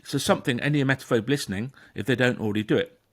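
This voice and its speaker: Brief: male therapist, emphatic explainer, average pitch. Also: rapid-fire. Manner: animated, emphatic, acts out inner voices. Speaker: therapist and podcast host. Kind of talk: conversational explanation.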